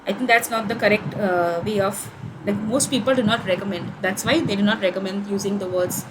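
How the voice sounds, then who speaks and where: A woman's voice: medium pitch, steady tone, fairly quick, background noise. A young woman with an Indian English accent, giving an online course tutorial in a conversational way, with many fillers and restarts.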